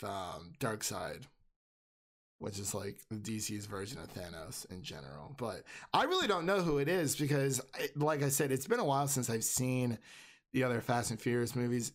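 A man co-hosting a casual movie review podcast, laughing often and restarting his sentences. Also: mid-range voice. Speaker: podcast co-host.

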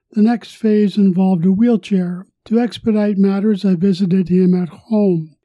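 An older man hosting a podcast about retirement, reading a scripted personal story in a measured, formal way. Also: sits high, mellow, dry recording, dull audio.

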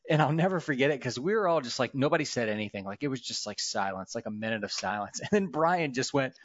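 A man's voice: medium pitch, fast talker, slight background noise. A man hosting a podcast, telling deployment stories casually and laughing often among old comrades. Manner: laughing, animated storyteller. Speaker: podcast host. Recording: dull lo-fi podcast audio.

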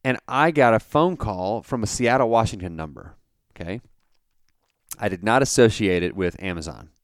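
Smooth low-voiced man telling a story. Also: moderate pace, no room sound, clean studio sound. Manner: animated storyteller with many fillers. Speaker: podcast host. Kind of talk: casual storytelling.

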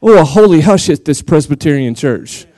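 Male pastor, West Texas accent, high pitch, playful preaching, dry sound. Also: moderate pace, no room sound. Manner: animated, jokey, laughs often, acts out quotes. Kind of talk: lively sermon.

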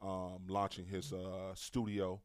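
Male DJ host, low and relaxed, close dry mic, joking chat. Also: takes it slowly, clear, resonant tone, no room sound. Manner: laughs often, relaxed banter. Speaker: radio show host, DJ. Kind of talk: casual radio chat.

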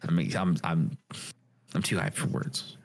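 A man guest on a gaming podcast with a stuffy, nasal voice from a cold, talking excitedly with stammers. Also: deep voice, unhurried. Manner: excitable, laughs often, stammers. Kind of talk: casual chat.

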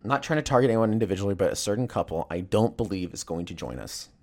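Rambling, profane man with lowish voice. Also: racing. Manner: rambling, profane, animated storytelling. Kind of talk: casual comedic rant.

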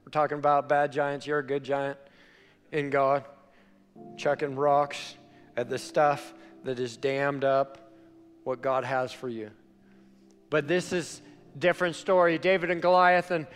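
A male pastor preaching a sermon, telling a story with animated shifts between loud and quiet. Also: on the high side, unhurried, smooth. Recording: long hall reverb, faint music.

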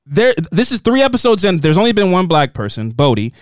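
A man co-hosts a casual recap podcast, joking and throwing in quick asides. His fairly high voice swoops up and down a lot. The sound is dry and close. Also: big pitch swings, no echo. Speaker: podcast co-host recapping a TV series. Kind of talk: casual chat.

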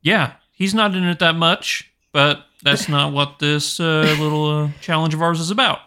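A man co-hosting a movie podcast, talking in casual chat and halting with many "uh"s. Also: fairly high pitch, fairly even intonation, bright, forceful tone, slight background noise. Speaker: podcast co-host.

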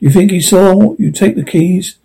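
A man's voice: high voice, moderate pace, vocal fry, mellow, husky, exaggerated voice, rough recording. A man voicing an anxious young woman companion who asks worried questions.

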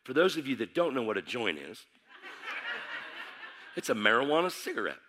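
A man preaching a testimony, animated and emphatic, dropping to a hush and then shouting as he acts out the scenes. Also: medium pitch, moderate pace, background noise. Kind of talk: sermon testimony storytelling.

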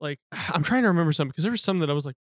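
A podcast co-host talks about a film rapid-fire in a slightly high, expressive voice, recorded clean in a studio without echo. His casual review chat is profane, rambling and full of laughs.

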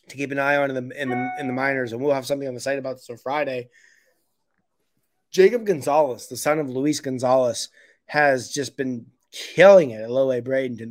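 A man co-hosting a sports podcast talks in a loose, opinionated way, often restarting his sentences. His voice is mid-pitched and sounds dry and close, with no room around it. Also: no room sound. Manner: opinionated, blunt, rambling with restarts. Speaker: podcast co-host. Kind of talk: casual sports chat.

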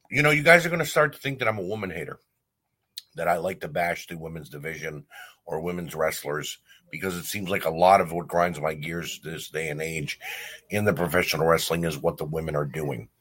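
A man's voice: rumbling low, fairly quick, a bit bright. A man hosting a wrestling talk show, delivering a blunt, heated opinion rant with frequent fillers and restarts. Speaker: wrestling podcast host.

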